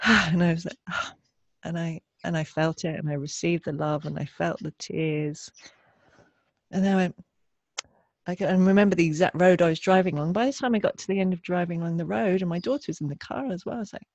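Gentle, tender woman with a dry sound. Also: lowish voice, steady tone, a little fast, no room sound, dull audio. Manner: gentle, tender, laughs often. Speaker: podcast co-host. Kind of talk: reflective parenting podcast chat.

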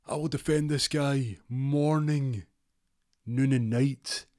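A man playing a hot-headed, loyal man who blusters loudly and makes threats. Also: mid-range voice, fairly even intonation, slow pace, pitched above the performer's own voice, natural voice. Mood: blustering. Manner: loud and blustering.

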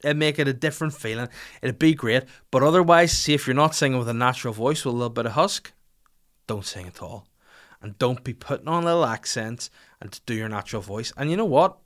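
A man's voice: medium pitch, brisk, fairly bright tone. Sardonic, swearing man ranting. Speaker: podcast host. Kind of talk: comedic rant.

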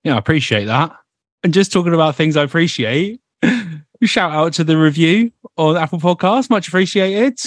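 A man's voice: fairly high pitch, dry recording. A man co-hosting a football podcast, teasing and laughing in casual chat. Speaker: podcast co-host.

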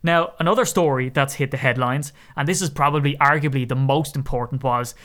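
A man's voice: medium pitch, fairly even intonation, brisk. Chatty Irish man talking football. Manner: chatty, wry asides, mock shouting. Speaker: podcast host. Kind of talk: casual sports podcast commentary.

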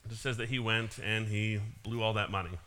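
A man's voice: fairly low pitch, fairly even intonation, a little fast, pushed and bright. A man giving a casual sermon, retelling a parable with frequent small laughs and restarts. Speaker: preacher.

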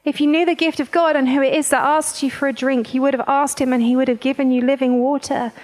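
A woman reading as a calm, solemn male teacher. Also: sits high, quick pace, long reverb tail, natural voice. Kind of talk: scripture reading.

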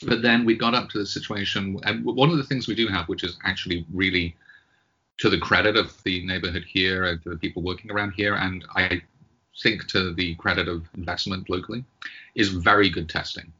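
A man's voice: sits low, steady tone, brisk, sharp tone, slightly rough, highs cut off. A middle-aged British man with a slightly American-tinged accent, talking as a guest in a casual interview and hesitating often with ums and restarts. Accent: British with some American. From Britain. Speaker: guest epidemiologist.

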